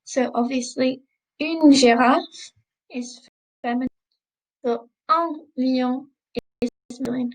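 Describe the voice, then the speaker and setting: A woman teaching a recorded French lesson, modelling words slowly and repeating them for learners to copy. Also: sits high, steady tone, poor audio. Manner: slow, careful pronunciation drills, repeating words.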